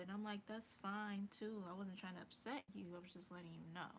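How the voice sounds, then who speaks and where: A woman's voice: medium pitch, steady tone, fairly quick, hardly any pauses, a little hiss or hum. A woman vlogger telling a story in casual chat, full of fillers and sometimes dropping to a whisper. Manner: chatty, with many fillers, drops to a whisper at times.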